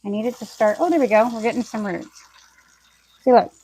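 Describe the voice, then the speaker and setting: While doing chores and sorting through her harvest inside her home, a homestead lifestyle vlogger chats to camera, thinking out loud to herself and her viewers. She speaks fairly quickly, in a slightly high voice with a dark tone.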